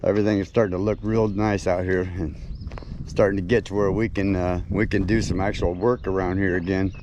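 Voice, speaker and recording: A folksy man talks to his viewers outdoors on a rural homestead, easygoing and prone to chuckling. His voice sits a touch low. A faint outdoor ambience hums under the recording. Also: little pitch movement, a little fast, a little mellow, dull audio, slight background noise. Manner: chatty, folksy, laughs often, addresses viewers as y'all. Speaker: homesteading vlogger. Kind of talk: casual vlog chat to camera.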